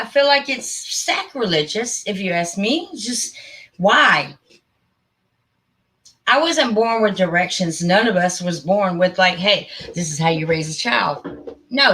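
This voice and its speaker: A woman's voice: medium pitch, pushed and bright. A middle-aged woman hosting a casual live stream, talking in a heartfelt, rambling and emphatic way. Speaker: channel host.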